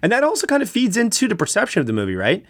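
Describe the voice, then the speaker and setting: With a high voice and rapid-fire delivery, a man chats through a casual film review podcast, full of fillers and getting animated as he explains things. The recording is dry.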